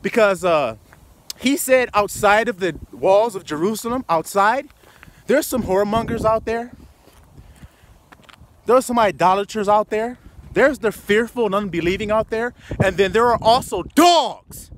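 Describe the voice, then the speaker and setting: A man's voice: high voice, slight background noise. A man preaching a confrontational, profane sermon full of rhetorical questions. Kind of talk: fiery street sermon.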